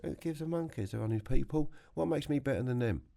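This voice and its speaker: A man's voice: medium pitch, quick pace, gravelly, warm tone. A middle-aged man with a London accent, telling blunt stories as a guest in a podcast studio. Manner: blunt storytelling, mimics others. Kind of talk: casual chat.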